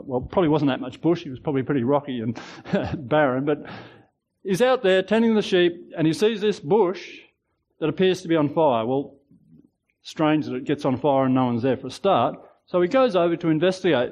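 A man in his sixties preaching a sermon in a relaxed, conversational way, chuckling at his own asides. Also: on the high side, muffled recording.

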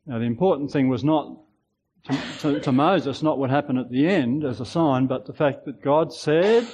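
A man in his sixties preaching a sermon in a relaxed, conversational way, chuckling at his own asides. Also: medium pitch, moderate pace, breathy edge, rough recording.

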